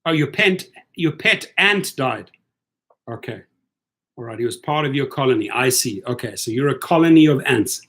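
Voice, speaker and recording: A man's voice: mid-range voice, lively intonation, moderate pace, fairly bright tone. A man chatting casually on a livestream. He talks loosely and repeats himself, and he sounds tired as he answers viewers one by one. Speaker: livestream host for rideshare drivers. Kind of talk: casual livestream chat reading viewer comments.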